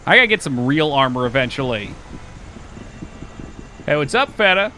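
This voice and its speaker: A man streaming a game live, chatting casually and excitably, joking and swearing often. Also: fairly high pitch, moderate pace, a little hiss or hum.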